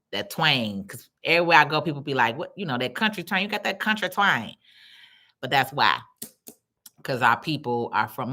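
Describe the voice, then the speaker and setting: Chatty woman, low bright voice. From Chicago. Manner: chatty, animated, reads comments aloud. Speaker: livestream host. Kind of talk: casual chat reading viewer comments.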